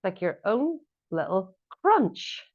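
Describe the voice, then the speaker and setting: A woman fitness instructor calls out encouraging cues through a workout, breaking off now and then for chatty, self-mocking jokes. Her voice sits at an ordinary middle pitch for a woman. The audio is dull and a bit lo-fi. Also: sing-song, slow pace. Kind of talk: coaching a live workout class.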